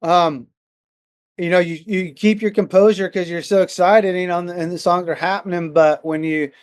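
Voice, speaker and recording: Excitable rambling middle-aged man. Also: high voice, normal speed, clear, resonant tone. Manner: excitable, rambling with many fillers and restarts. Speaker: podcast guest, metal musician. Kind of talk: casual storytelling chat.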